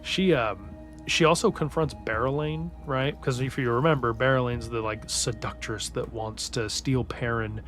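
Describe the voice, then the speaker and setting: A man's voice: mid-range voice, moderate pace, fairly bright tone. A man hosting a casual book recap podcast, rambling enthusiastically and swearing a lot. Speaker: podcast host recapping books. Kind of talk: casual chat. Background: faint background music.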